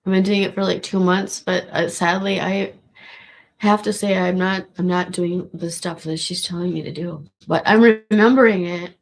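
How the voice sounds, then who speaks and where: A woman with a gravelly voice, rambling casually in a monologue with restarts and swearing. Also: on the low side, fairly even intonation, normal speed. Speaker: vlogger.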